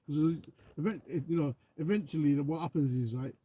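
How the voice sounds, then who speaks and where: A man's voice: fairly high pitch, fairly quick, dark tone, slightly rough. A man in casual conversation who rambles and boasts, swears freely and keeps asking "you know what I mean?". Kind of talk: casual chat.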